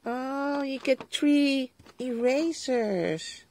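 A middle-aged woman with a Dutch accent unboxes craft supplies at her desk, talking straight to her viewers at an unhurried pace. She keeps exclaiming over each item in a chatty, homely way. A faint background noise sits under her voice. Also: sits high, a little mellow. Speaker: vlogger. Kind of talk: casual crafting haul unboxing.

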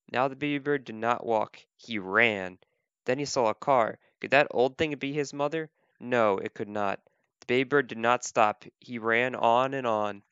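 A man reading a children's picture book aloud as a volunteer, gentle, slow and clear. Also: medium pitch, dry recording. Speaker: volunteer reader. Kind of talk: children's storybook read-aloud. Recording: dull, lo-fi dry recording.

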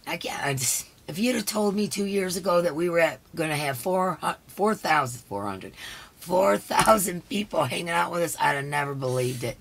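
Hoarse, gravelly woman hosting a live stream. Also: sits low, animated, moderate pace, a bit bright. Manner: chatty, greets viewers one by one by name. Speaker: livestream host. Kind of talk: casual live-stream chat.

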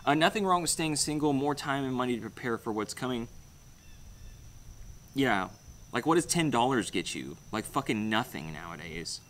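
A man's voice: medium pitch, lively intonation, moderate pace, a bit bright, a little hiss or hum. Rambling, blunt young man reading comments. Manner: rambling, blunt, swears freely. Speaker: channel host. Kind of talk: casual livestream comment chat.

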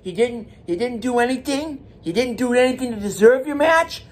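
A man's voice: very high voice, expressive, moderate pace. A man hosting his own wrestling commentary channel, talking alone in a heated, emphatic way, repeating his points and restarting words. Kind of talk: solo wrestling opinion rant.

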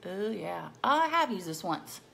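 A woman's voice: medium pitch, very animated, measured pace, gravelly, pushed and bright, a little hiss or hum. A middle-aged woman chatting casually through a makeup tutorial, bubbly and playful, with silly rhyming words. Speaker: makeup vlogger.

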